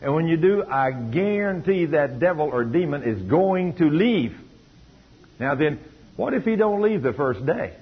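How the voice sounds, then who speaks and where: A man's voice: a little high, very animated, unhurried, breathy edge, phone-quality sound. A man preaching a sermon, telling a story through quoted dialogue and rising to emphatic peaks.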